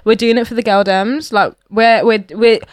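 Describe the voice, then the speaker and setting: A woman's voice: fairly high pitch, steady tone, normal speed, no room sound, clean studio sound. A young woman with a London accent, joking and chatting casually with her co-host in slangy talk. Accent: London English. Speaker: podcast co-host. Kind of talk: casual chat.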